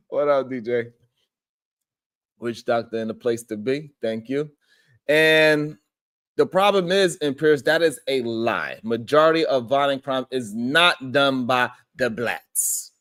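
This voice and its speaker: A man's voice: medium pitch, measured pace, a bit bright. A man hosting a casual live stream, greeting chat viewers by name and arguing his point in a loose, rambling way. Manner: conversational, repeats himself as he rambles.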